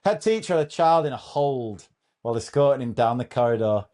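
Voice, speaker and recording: A man's voice: medium pitch, expressive, brisk, a little mellow. A man hosting a comedy show, reading out a thread of teacher anecdotes in a casual, amused way and often breaking into laughter.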